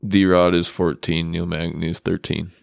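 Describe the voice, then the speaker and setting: A laid-back man co-hosting a sports podcast. His very deep voice has a gravelly, fry-tinged edge, though it stays smooth and resonant. He mostly answers in short, easygoing replies. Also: little pitch movement, measured pace. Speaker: podcast co-host. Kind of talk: casual sports chat.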